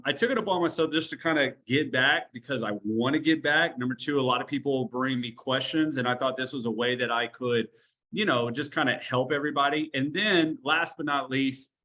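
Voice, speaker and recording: A man's voice: medium pitch, sharp tone. A man giving a motivational training talk over a video call, blunt and talkative, with a tough-love coaching manner. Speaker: online business trainer.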